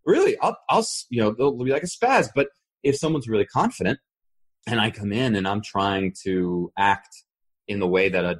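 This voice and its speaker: A man's voice: deep voice, breathy edge. A man co-hosting a podcast, explaining casually and acting out the voices he describes. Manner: animated, demonstrates voices while explaining. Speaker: podcast co-host.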